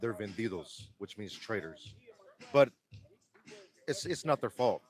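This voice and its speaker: A man with a Texan accent giving earnest, halting answers in a street interview, often restarting his words. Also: on the low side, expressive, low-quality recording.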